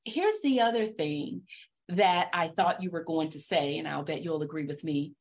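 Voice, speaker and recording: A woman's voice: sits low, moderate pace, darkish tone. A woman hosting a podcast interview about public speaking, upbeat and emphatic, laughing often. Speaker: podcast host. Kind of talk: conversational interview.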